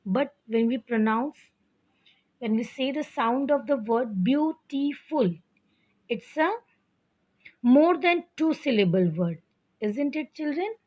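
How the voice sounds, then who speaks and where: A woman teacher giving a slow, patient grammar lesson to children, often calling them "children" and checking that they understand. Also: high voice, expressive, darkish tone. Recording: dull lo-fi recording.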